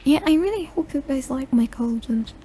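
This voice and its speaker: A young woman soft-speaking for an ASMR video, rambling in a relaxed way, losing her focus and mocking herself, sometimes dropping into a whisper. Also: high-pitched, moderate pace. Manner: rambling and self-deprecating, loses focus; soft-spoken with bits of whisper. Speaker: ASMR creator. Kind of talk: soft-spoken ASMR chat.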